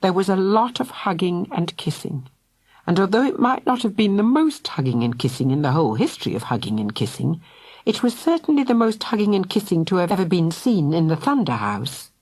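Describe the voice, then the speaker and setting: A woman narrating a children's audiobook in a lively storytelling manner. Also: on the low side, fairly quick, husky, no room sound. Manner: lively, voices each character.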